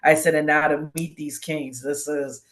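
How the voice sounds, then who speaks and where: A woman's voice: deep voice, fairly even intonation, normal speed, a bit bright. Woman telling a heartfelt personal story. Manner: heartfelt, tearful storytelling with many quoted exchanges. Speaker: guest co-host. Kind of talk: casual chat, emotional personal story.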